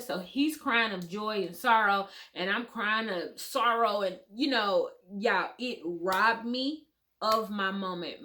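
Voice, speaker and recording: A woman's voice: fairly low pitch, fairly bright tone. Candid swearing woman telling her story. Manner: candid, swearing, addresses viewers as y'all. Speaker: vlogger. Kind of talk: emotional storytime vlog.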